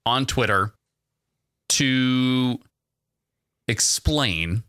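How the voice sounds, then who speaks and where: A man's voice: mid-range voice, extremely slow, sharp tone, smooth, no echo, clean studio sound. A man co-hosting a podcast, chatting casually in a rambling, jokey way on a single mono mic. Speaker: podcast co-host. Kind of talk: casual chat. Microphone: single mono microphone.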